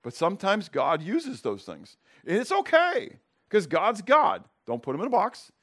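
A man teaches a relaxed Bible class, tossing questions to his students and acting out scenes for them. His voice sits a touch high and moves lively up and down in pitch. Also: measured pace. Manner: animated, tags "okay?" and "right?" to check the class.

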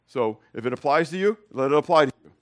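This pastor's expository sermon is expressive and quick. He talks to his congregation conversationally, asks them questions directly, and alternates loud emphasis with quiet, low remarks.

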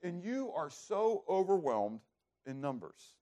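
Animated preacher asking rhetorical questions. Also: male voice, high-pitched, measured pace. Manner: animated, asks rhetorical questions and answers them; repeats words as he restarts. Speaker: preacher teaching a Bible passage. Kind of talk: sermon.

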